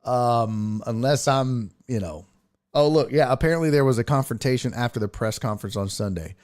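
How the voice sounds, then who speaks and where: A man's voice: mid-range voice, moderate pace, a little mellow. A man hosting a sports talk show, chatting casually and thinking aloud as he reacts to the news.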